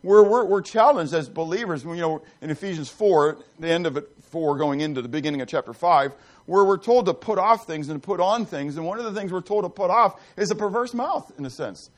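A pastor preaching a conversational sermon in church, asking the congregation questions and breaking off into asides with many restarts. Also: male voice, sits high, expressive, a little fast.

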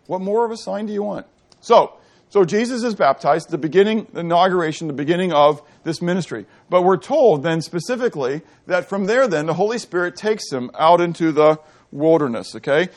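A middle-aged man preaching a sermon, asking the congregation questions and answering them himself, moving between loud and quiet delivery. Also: fairly high pitch. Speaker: pastor. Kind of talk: sermon teaching.

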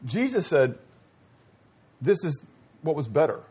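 Male pastor, middle-aged, husky, lively pitch swings, calls out questions to the congregation. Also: measured pace. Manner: swings from loud exclamations to quiet asides, asks the audience questions. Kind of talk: sermon.

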